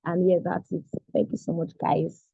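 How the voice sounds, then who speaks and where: A young woman, a recent graduate, giving a halting, emotional testimonial on a video call, close to tears. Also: fairly low pitch, level tone, creaky, dark tone, breathy edge, no room sound. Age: young adult. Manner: earnest, halting, near tears. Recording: tinny phone-like call audio.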